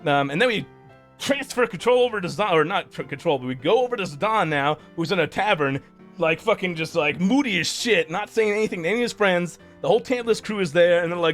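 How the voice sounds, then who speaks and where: High-voiced man rambling a game recap. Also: animated, fast, fairly bright tone, faint music behind. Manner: rambling, profane, many restarts. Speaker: streamer. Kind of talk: casual game story recap.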